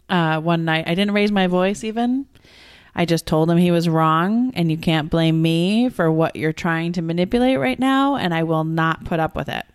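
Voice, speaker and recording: A woman in her forties chatting casually, telling a story bluntly with quick asides. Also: on the low side, smooth. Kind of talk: casual chat.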